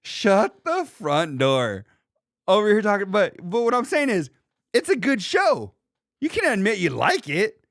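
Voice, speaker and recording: A man in his thirties hosting a podcast in casual chat, animated and profane, reading comments from a live chat. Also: sits high, moderate pace, dry recording, clean studio sound. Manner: animated, profane, laughs and mimics people. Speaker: podcast host.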